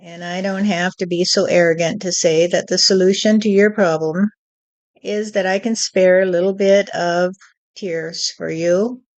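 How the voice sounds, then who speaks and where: A woman giving a channeled spiritual teaching, speaking deliberately and often adding "you see.". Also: lowish voice, steady tone, a little mellow, highs cut off.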